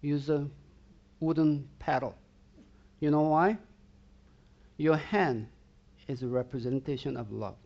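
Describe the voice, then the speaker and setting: The pastor's fairly high, darkish, creaky voice keeps to fairly even intonation as he preaches slowly, pausing often, on a muffled recording. His delivery is emphatic and direct, and he keeps putting rhetorical questions to the congregation about whether they're following him.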